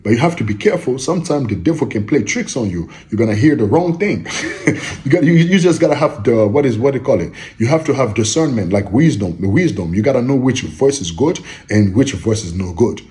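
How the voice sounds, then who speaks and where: Guy preaching casual style, voice jumps all over, keeps repeating stuff, slow when reading verses. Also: mid-range voice, lively intonation, dark tone. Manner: repetitive, emphatic, checks in with listeners. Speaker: religious teacher. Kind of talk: informal preaching monologue.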